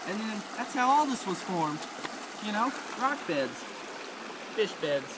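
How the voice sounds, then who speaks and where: High-voiced young man rambling by a stream. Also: big pitch swings, a little slow. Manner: drawling, rambling with "you know" and "uh". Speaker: mock nature guide. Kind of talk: goofy nature-show parody. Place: outdoors by a creek. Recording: outdoor camera audio with loud stream noise.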